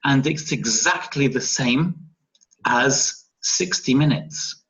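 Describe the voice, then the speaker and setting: A man's voice: medium pitch, slow pace, fairly bright tone. A man teaching an online phonetics lesson, speaking patiently and often checking understanding with a questioning "yeah?". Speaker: English teacher. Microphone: video call. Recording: dull lo-fi video call audio.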